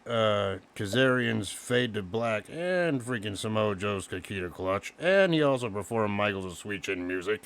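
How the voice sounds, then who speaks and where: A man co-hosting a casual wrestling review, excitedly recapping the match move by move. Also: fairly low pitch, measured pace, creaky, hardly any pauses. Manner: excited, recaps moves play by play. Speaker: podcast co-host.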